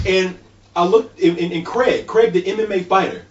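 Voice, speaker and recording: A man telling a story in casual chat, animated and laughing as he goes, swearing freely. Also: high voice, moderate pace. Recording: roomy, distant, muffled.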